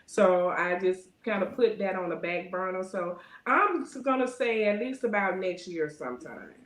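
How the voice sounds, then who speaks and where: A woman's voice: medium pitch, moderate pace. Woman, rambling, roomy call. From Alabama. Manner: rambling, frequent "you know" fillers; animated when telling stories. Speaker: guest. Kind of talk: casual interview chat.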